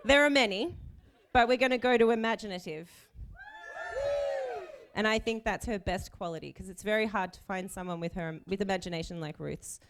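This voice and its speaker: A woman's voice: mid-range voice, fairly quick, background noise. An Australian woman in her thirties giving a chief bridesmaid's wedding speech, nervous but joking and self-mocking.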